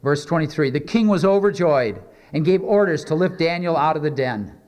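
A man's voice: fairly high pitch, moderate pace, a little mellow. A male pastor preaching a sermon, reading scripture aloud and then explaining it in a conversational way with many rhetorical questions.

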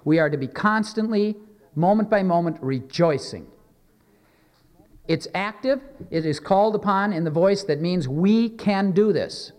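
A man preaching a sermon as pastor, earnest and measured, slowing down for emphatic scripture readings. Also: sits high, lively intonation, a little mellow, big-room sound.

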